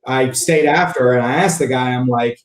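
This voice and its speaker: A man telling a story in a casual podcast interview, animated and full of fillers and restarts. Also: mid-range voice, normal speed. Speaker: podcast guest, sales engineering leader. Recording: roomy echo.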